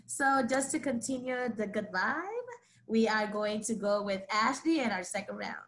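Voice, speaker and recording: A woman's voice: mid-range voice, normal speed, fairly bright tone, slight background noise. A woman hosting a live online poetry event over a video call, speaking enthusiastically to the audience and introducing the next poet. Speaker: event host.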